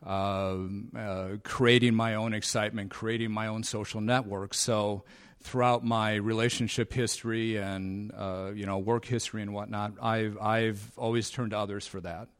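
A man in his fifties sharing his recovery story at a convention, halting with many fillers and a dry, sarcastic humor. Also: fairly low pitch, flat delivery, clean tone, dry recording. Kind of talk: personal talk at a convention. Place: convention meeting room.

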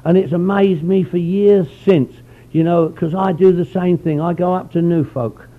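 High-voiced middle-aged man telling his story. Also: steady tone, moderate pace, narrow, tinny audio. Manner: rambling, folksy, peppers speech with "you know". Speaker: recovery meeting speaker. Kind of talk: personal storytelling talk.

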